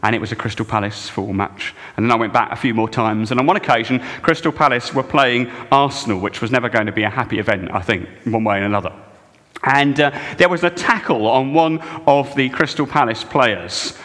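A male pastor preaching a sermon with wry, expressive delivery that swings from hushed to emphatic. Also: mid-range voice, a little fast, big-room sound.

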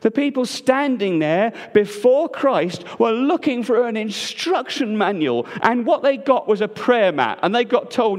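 A man preaching a sermon, moving between emphatic lines and hushed, quiet passages. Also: sing-song, measured pace, few pauses. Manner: swings between loud emphatic and hushed low delivery. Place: church. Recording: long church reverb.

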